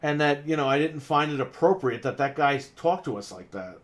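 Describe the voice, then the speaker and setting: A man with a slightly high voice rants in a casual podcast chat. He is exasperated and swears freely. He acts out each side of an argument with customers at his shop. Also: lively intonation, fairly quick. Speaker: podcast co-host and game store owner. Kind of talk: casual ranting story.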